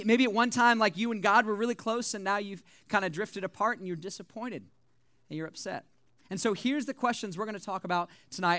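Animated young male preacher, bright voice. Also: high-pitched, clear, resonant tone, dry recording. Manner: animated, joking, conversational preaching. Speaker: youth pastor. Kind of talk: sermon.

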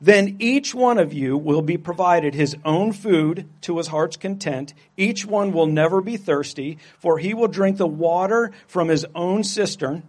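A boastful alien king makes grand, slow proclamations of threat and promise, as a preacher puts him on. The voice sits fairly high and rings out loudly, with a declaiming, storybook swagger. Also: close to an everyday voice. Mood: proclaiming.

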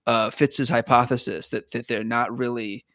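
A man in casual podcast conversation, rambling through his thoughts with plenty of fillers and restarts. His voice sits at a middle pitch. It is recorded dry and close. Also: steady tone, moderate pace, fairly bright tone, no room sound. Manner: rambling, many restarts and "like" fillers, laughs often. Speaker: podcast co-host. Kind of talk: casual recap chat.

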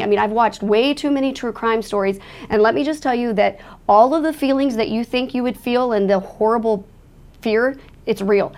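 A woman earnestly telling a frightening personal story as a faith-minded testimony. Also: on the high side. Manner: earnest, emotional retelling of a frightening night; speaks with religious faith.

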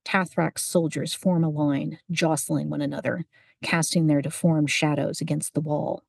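A woman reads a story aloud in an even, unhurried manner. Her voice sits low with a husky, gravelly texture. The sound is close and dry. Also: no echo. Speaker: narrator. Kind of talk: audiobook narration.

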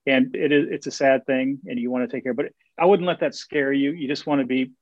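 Guy rattling off stories fast in an interview, lots of "i, i, i" restarts, dry dull lo-fi sound. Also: mid-range voice, fairly even intonation, dry recording. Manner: fast, eager, frequent restarts and repeated words. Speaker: guest, Camino walker and author. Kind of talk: casual interview storytelling.

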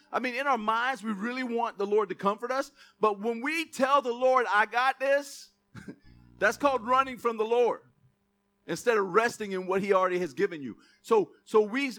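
A man's voice: very high voice, sharp tone. A man preaching a sermon, calling on the congregation to repeat words and punching key words for emphasis. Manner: call-and-response preaching with asides and jokes. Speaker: pastor.

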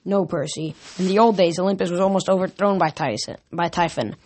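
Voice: medium pitch, a little fast, darkish tone, lightly acted. A reader voicing an irritable, grumbling male messenger god in a storybook reading. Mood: stern.

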